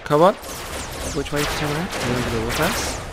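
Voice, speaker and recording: A man with a cold giving excitable live commentary over his own gameplay, cheering on teammates and talking to himself. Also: on the high side, brisk, heavy background noise. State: has a cold.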